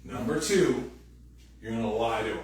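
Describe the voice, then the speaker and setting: A man's voice: medium pitch, normal speed, a little hiss or hum. Male pastor, casual and joking, acts out quoted voices; distant mic in a very echoey hall. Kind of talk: sermon. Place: church sanctuary.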